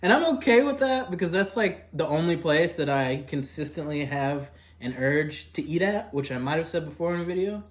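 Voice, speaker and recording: A young man with a voice pitched a little above the usual male range, chatting loosely to camera about a cheap meal. He rambles, leans on fillers, and drifts between a mumble and a louder push. He sometimes talks with food in his mouth. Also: animated, normal speed, hardly any pauses. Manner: eats while talking. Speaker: food vlogger. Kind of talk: casual eating vlog.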